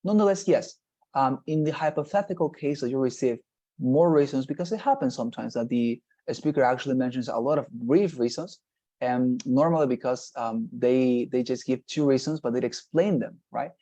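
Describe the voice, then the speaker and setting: Male teacher, mellow warm voice, explanatory, online class, video call audio. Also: medium pitch, normal speed, muffled recording. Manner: explanatory, repeats "nonetheless" and "right?". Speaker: English exam teacher.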